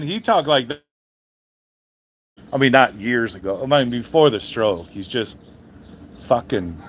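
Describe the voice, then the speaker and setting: A man talks loosely to his viewers, answering his chat in a meandering way. He is blunt and swears freely, often restarting his sentences. His voice sits at an ordinary middle pitch. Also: a little hiss or hum. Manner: rambling, profane, blunt, with frequent restarts. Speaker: trucker streamer reading chat. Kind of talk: casual livestream chat.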